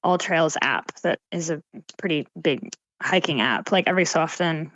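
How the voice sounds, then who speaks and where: A young woman from Canada chatting casually as a podcast guest, animated and laughing often, with lots of "like.". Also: low-pitched, normal speed, highs cut off. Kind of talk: casual chat. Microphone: remote call mic.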